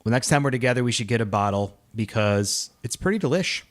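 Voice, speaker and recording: A man's voice: medium pitch, animated, fast talker. A man with a mid-range voice co-hosts a casual beer-review podcast. He is upbeat and chatty and laughs often. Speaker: podcast co-host.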